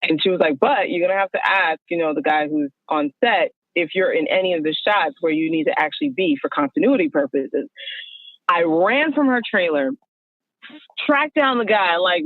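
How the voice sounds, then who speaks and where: A woman guest telling her story on a phone call, animated and acting out the dialogue she quotes. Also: lowish voice, a little fast, no room sound. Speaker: guest, wardrobe stylist. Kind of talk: casual storytelling over the phone. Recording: tinny phone line.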